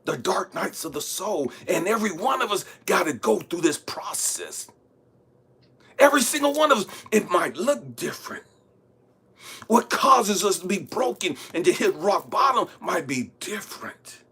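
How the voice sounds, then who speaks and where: Husky profane man preaching spiritual growth. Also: sits high, big pitch swings, moderate pace, pushed and bright. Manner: profane, blunt, street-talking storyteller. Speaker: spiritual vlogger. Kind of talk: impassioned spiritual monologue.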